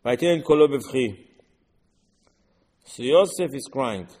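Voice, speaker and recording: Animated man teaching Torah, echoing hall. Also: medium pitch, slow. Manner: animated, rhetorical questions, quotes verses in Hebrew. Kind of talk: Torah class in English.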